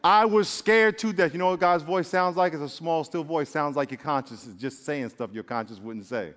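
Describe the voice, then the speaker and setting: A man with a high voice preaches to his congregation in a church. He's animated and jokey, acting out little voices and talking to the crowd as y'all. A long reverb trails his voice through the hall. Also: moderate pace. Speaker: pastor. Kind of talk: sermon.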